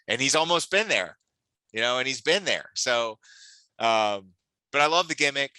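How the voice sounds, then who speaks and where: A man's voice: medium pitch, expressive, normal speed, sharp tone, clean tone, dry recording, low-quality recording. A man co-hosting a casual wrestling chat, enthusiastic and teasing, often restarting his sentences. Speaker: podcast co-host.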